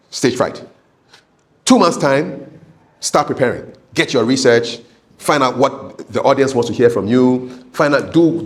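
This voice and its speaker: A man teaching public speaking tips in a casual, repetitive way, often ending points with okay. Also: mid-range voice. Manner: repeats words, frequent okay tags, chuckles. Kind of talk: casual talking-head lesson.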